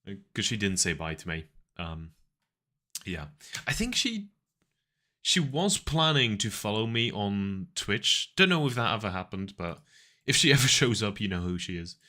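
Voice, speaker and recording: A man's voice: lowish voice, big pitch swings, moderate pace, sharp tone. A man streaming and chatting casually with viewers, rambling through stories and laughing often.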